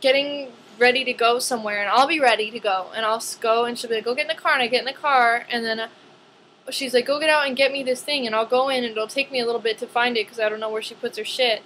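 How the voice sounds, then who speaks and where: A young woman ranting casually to camera in a vlog, chatty and animated, with lots of "like". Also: a little high, fast talker, a little hiss or hum, rough recording. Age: young adult.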